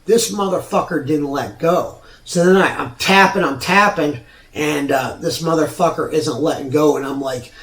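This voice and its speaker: A man's voice: fairly high pitch, normal speed, fairly bright tone, distant mic. A man hosting his own show, telling a personal story in a rambling, profane way with many restarts. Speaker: show host. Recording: roomy sound from off mic.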